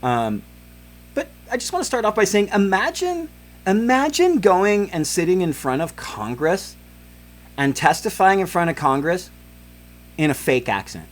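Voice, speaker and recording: A man's voice: high voice, sing-song, measured pace. A man in his forties hosting a podcast, ranting in heated, profane political commentary with many fillers. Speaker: podcast host.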